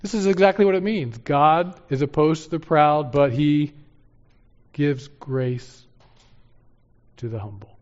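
A man preaching a sermon, moving from loud urgent exhortation to hushed, earnest pleading. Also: fairly high pitch, a little slow, pauses often. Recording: dull sound with long hall reverb.

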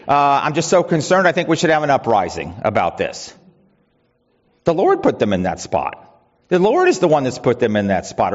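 A man preaching a conversational sermon as pastor, with rhetorical questions and frequent restarts. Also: medium pitch. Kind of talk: expository sermon. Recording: dull sound with long reverb in a hall.

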